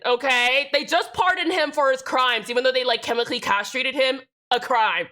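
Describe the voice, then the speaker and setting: Sassy, bright-voiced young woman streamer. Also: high voice, moderate pace, few pauses. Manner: sassy, profane, joking with chat. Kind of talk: casual live-stream chat.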